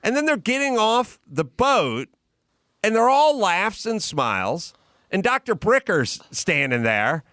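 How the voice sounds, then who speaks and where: Male podcast host, animated storyteller, voice a touch high and resonant, dry sound. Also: unhurried, no room sound. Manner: animated, acts out characters in anecdotes. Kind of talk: casual comedic storytelling.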